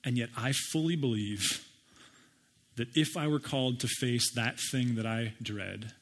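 A man's voice: mid-range voice, measured pace. Man, middle-aged pastor, casual sermon, repeats words, rises for scripture readings.

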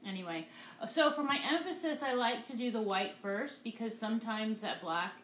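A woman's voice: fairly high pitch, expressive, moderate pace, a bit bright, roomy sound, a little hiss or hum. A woman art teacher giving a live painting demonstration, upbeat and encouraging as she talks through each stroke. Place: art studio.

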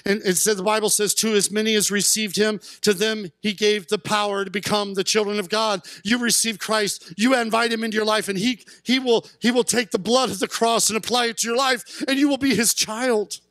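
A male pastor delivering a sermon in a church sanctuary, his voice sitting high for a man. He preaches earnestly and climbs into fervent shouts at the peaks. The sound is close and dry, with little room around it. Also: fairly even intonation, brisk, few pauses, no echo. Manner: impassioned, rising to shouts at peaks.

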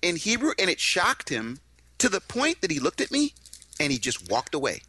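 A man's voice: on the high side, moderate pace, slightly rough. A man co-hosting a casual talk, telling a story with many restarts and acting out other people in quotes. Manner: animated, restarts often, acts out voices in quotes. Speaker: co-host. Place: in Shanghai, China.

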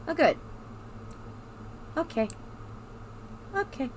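A woman's voice: on the high side, expressive, moderate pace, pushed and bright, a little hiss or hum. A woman playing a horror game and talking through her nerves, repeating to herself that everything is fine and swearing often. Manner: nervous self-reassuring chatter, swearing. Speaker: gamer. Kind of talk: let's play commentary.

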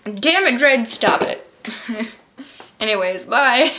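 A woman with a fairly high voice tells a storytime vlog in a loose, rambling way. She fills her sentences with "like" and breaks off for groaning, exasperated asides. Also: animated, slow pace, pushed and bright, slight background noise. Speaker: vlogger. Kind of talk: casual storytime.

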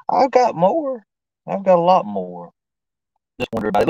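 A man's voice: medium pitch, wildly swooping pitch, brisk, a little mellow, dry recording, lo-fi sound. A man hosting a casual live stream, rambling and informal, often talking to himself as he works the screen. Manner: rambling, talks to himself while fiddling with the stream; informal, slangy. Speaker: livestream host.

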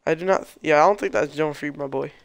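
A young man streaming a shooter game, reacting loudly, swearing often and yelping when surprised. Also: a little high, fast, vocal fry, clean tone, no room sound. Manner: excitable, swears a lot, yelps and shouts in reaction. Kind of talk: live gameplay commentary.

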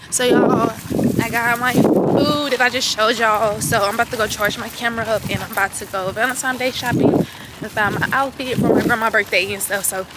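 A woman's voice: a little high, steady tone, brisk. A young woman, a college student, chatting casually to a handheld camera and calling her viewers y'all. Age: young adult. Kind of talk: casual vlog narration to camera. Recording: loud background noise.

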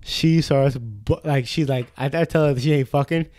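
A young man co-hosting a podcast, telling a story in casual, profane chat and acting out the people in it with high voices. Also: normal speed, no room sound, clean studio sound. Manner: animated storyteller, acts out quotes in high voices, swears a lot. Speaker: podcast co-host.

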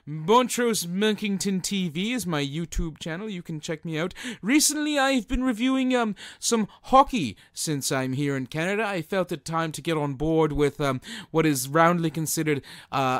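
A man voicing a pompous, self-important gentleman with a grand name who speaks stiffly and formally and promotes himself. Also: on the high side, normal speed, few pauses, no echo, clean studio sound, natural voice. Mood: self-promoting.

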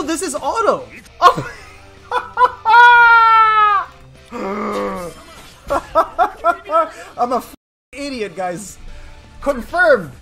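A man from Colombia giving chatty, excitable gameplay commentary on a live stream, joking at his own expense and talking to viewers. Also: sits high. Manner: excitable, chatty, self-mocking, talks to chat. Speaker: game streamer. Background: faint game music.

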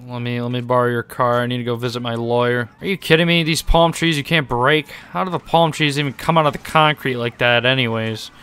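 A young man talking excitedly over his gameplay, joking sarcastically, swearing and laughing often. His voice is bright and forceful, with a crisp, clean tone. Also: medium pitch, a little fast, few pauses. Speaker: gaming YouTuber. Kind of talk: gaming commentary.

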